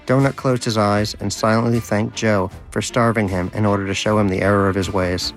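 A man reading a comic story aloud in a dry, measured narration. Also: lowish voice, little pitch movement, soft background music. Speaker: audiobook narrator.

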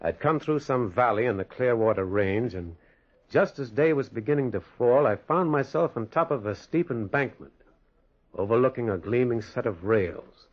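A man's voice: medium pitch, normal speed, natural voice. An actor playing a lonely man haunted by memories who narrates his own story in 1940s radio acting. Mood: narrating. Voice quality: husky, expressive storytelling. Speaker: narrator and lead character. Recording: dull lo-fi old radio recording.

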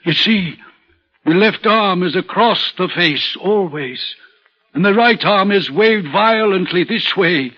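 A man's voice: high-pitched, expressive, takes it slowly, slightly rough, heavily acted. An actor playing a nervous, haunted male railway signalman, telling his story in an earnest, urgent way, in an old-time radio drama. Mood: troubled. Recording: muffled old radio recording.

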